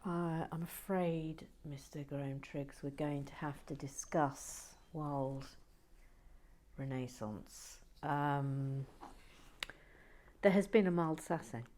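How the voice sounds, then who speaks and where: A woman hosting a relaxing building video, talking softly with dry teasing humour, often close to a whisper, on a close mic. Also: low voice, a little hiss or hum. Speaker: host.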